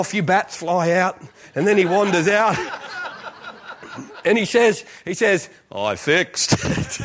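Aussie guy preaching in a church, cracking jokes, voice jumps all over. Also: high voice. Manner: animated, jokey storytelling. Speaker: visiting preacher. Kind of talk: storytelling sermon.

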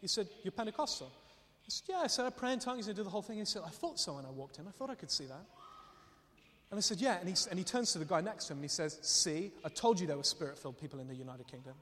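A man preaching a sermon, telling stories in an animated way and laughing often as he speaks. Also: a little high, fast. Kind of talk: sermon with storytelling. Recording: long reverb of a hall.

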